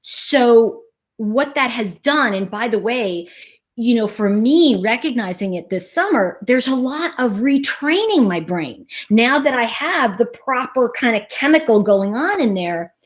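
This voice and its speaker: Animated woman with a lively, high voice. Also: measured pace. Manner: animated, explains through acted-out scenarios. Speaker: host. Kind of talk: casual explanatory monologue.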